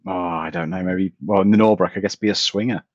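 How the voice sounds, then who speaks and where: A man's voice: lowish voice, big pitch swings, fast, vocal fry, no room sound, muffled recording. A man co-hosting a casual live stream, chipping in with dry, teasing remarks.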